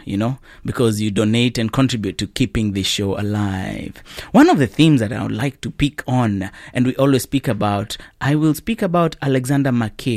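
A man hosting a community radio show, his talk conversational and broken by frequent laughter. The studio sound is dry, with almost no room echo. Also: medium pitch. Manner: conversational, laughs often, fillers.

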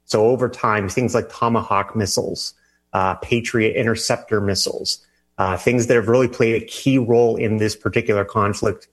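A man, a national security reporter, answering interview questions in a measured, halting way with many fillers and restarts. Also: lowish voice.

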